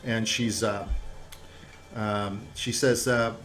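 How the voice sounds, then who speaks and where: A man's voice: mid-range voice, fairly even intonation, normal speed, a bit bright, poor audio. Man narrating as game master. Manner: loose, rambling narration with fillers.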